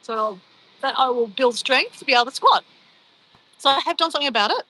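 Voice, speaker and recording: Australian woman, middle-aged, livestream host; bright, slightly high voice, chatty and unbothered. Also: animated, brisk, low-quality recording. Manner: chatty, upbeat, brushes off insults. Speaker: livestream host reading chat. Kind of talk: casual livestream chat.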